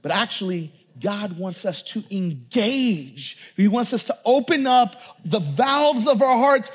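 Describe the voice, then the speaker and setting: High-voiced man preaching with emphasis. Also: expressive, unhurried, hardly any pauses, breathy edge. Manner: conversational and emphatic, with frequent repeated words; addresses the congregation directly. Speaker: pastor. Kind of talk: sermon.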